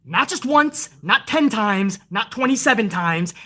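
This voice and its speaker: A woman hosting her own wrestling review show, ranting to viewers in a casual, heated way, swearing constantly and retelling events with rising excitement. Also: mid-range voice, unhurried. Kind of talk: casual profane review rant.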